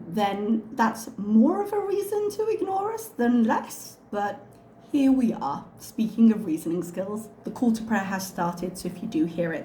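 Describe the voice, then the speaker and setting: A woman's voice: on the high side, dark tone, slight background noise. Sarcastic woman commenting from an echoey room. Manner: sarcastic and critical. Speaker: reaction channel host. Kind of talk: reaction commentary.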